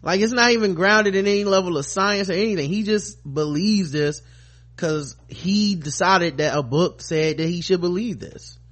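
A man's voice: high-pitched, moderate pace, fairly bright tone. A man giving casual, profane, sarcastic reaction commentary on a clip he is streaming.

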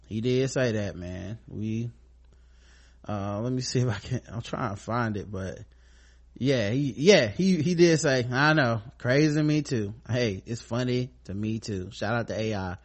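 A man's voice: medium pitch, unhurried. A man co-hosting a casual podcast, reading listener mail and talking bluntly and profanely.

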